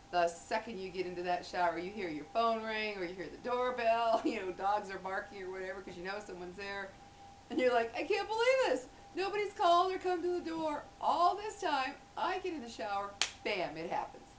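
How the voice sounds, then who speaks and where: A chatty middle-aged woman vlogs casually to her camera at home, often laughing as she acts out little scenes. Her voice is on the low side, and she sits a bit back from the mic in a low-quality recording with a faint hum beneath.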